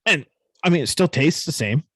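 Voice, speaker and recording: A man's voice: fairly high pitch, expressive, moderate pace, a bit bright, no room sound. A man co-hosting a podcast, telling a story in casual, profane chat with a New England accent. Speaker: podcast co-host.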